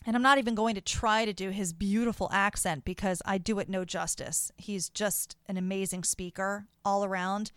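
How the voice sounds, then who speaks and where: A woman hosting a podcast who talks in a gushing, excitable way in casual chat. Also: medium pitch, moderate pace, hardly any pauses, smooth, dry recording, studio quality. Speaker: podcast host.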